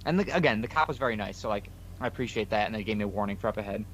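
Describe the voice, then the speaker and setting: A man's voice: lowish voice, rapid-fire, a bit bright, a little hiss or hum. A man co-hosting a podcast, casually retelling a story full of quoted dialogue. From New York. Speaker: podcast co-host.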